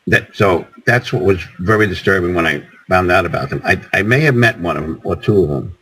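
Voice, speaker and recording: A man with a very deep, husky voice. He rambles through his answers, stumbling and restarting his sentences as a guest on a casual call-in talk. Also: fairly quick, sharp tone, poor audio. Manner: rambling, repeats words and restarts.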